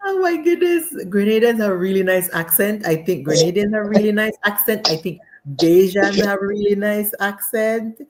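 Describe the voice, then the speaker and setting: Jamaican woman, guest, casual interview, animated, laughs a lot, medium pitch. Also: moderate pace. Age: adult with children. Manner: animated, laughs often, many fillers.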